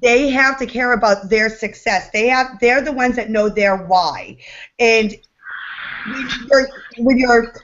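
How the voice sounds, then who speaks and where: A woman with a fairly high voice gives direct coaching on a group call. She talks plainly and to the point. Her audio is dull and lo-fi, as if it comes through an online call. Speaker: network marketing leader.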